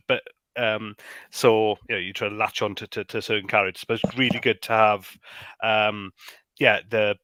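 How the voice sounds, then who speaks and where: Halting, bright-voiced man. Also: lowish voice, no echo. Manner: halting, repeats words often. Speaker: podcast co-host. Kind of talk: casual chat.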